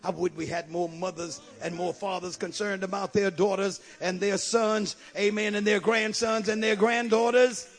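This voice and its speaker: Male pastor, very high voice, raspy, gravelly, fervent sermon, hushed to shouting. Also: little pitch movement, moderate pace, hardly any pauses. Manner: emphatic, swings from hushed asides to shouting; calls out to the congregation.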